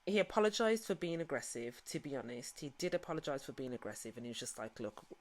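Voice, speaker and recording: A low-pitched woman talks through a show recap in a loose, chatty vlog style. She fills her sentences with "you know" and "like" as she goes. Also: very animated, fast talker. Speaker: recap vlogger. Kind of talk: casual recap with retold quotes.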